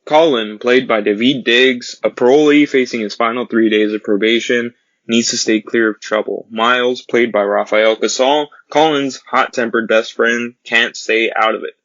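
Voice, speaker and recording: A man giving an earnest casual film review, recounting scenes with pauses and restarts. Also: medium pitch, steady tone, fairly bright tone, dry recording, highs cut off.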